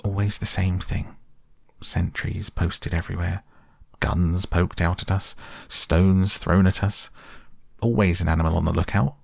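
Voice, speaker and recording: A man's voice: low voice, steady tone, gravelly, a little mellow, no room sound, studio quality, full character voice. A man doing a grumpy grumbling Mole. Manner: grumbling, brisk. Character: grumpy hungry male mole, blunt. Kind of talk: storybook reading.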